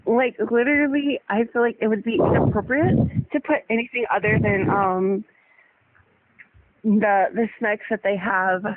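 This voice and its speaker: A man's voice: high-pitched, fairly even intonation, moderate pace, a little hiss or hum. A man arguing defensively in an online debate, saying "literally" again and again. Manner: defensive, says "literally" constantly. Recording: tinny phone-like audio.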